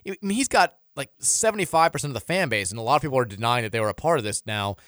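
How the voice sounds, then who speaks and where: A man hosting sports talk radio, mid-pitched and close on a dry studio mic. He rambles and restarts his sentences as he builds an argument. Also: very fast, no room sound. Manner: animated, rambling, frequent restarts and repeated words. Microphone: studio microphone.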